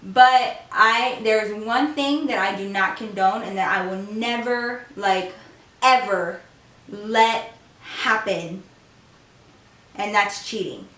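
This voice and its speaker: A woman's voice: mid-range voice, slow, far from the mic. A young woman telling a story to her camera in a casual, slangy way, acting out what people said. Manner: animated, slangy storyteller who acts out quotes. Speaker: vlogger. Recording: echoey room, voice a bit off mic.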